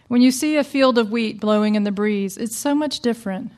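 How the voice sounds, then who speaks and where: A woman voicing a gentle, wistful male policeman by quoting him in her own voice within a told story. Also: a little high, fairly quick, close to an everyday voice. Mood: earnest.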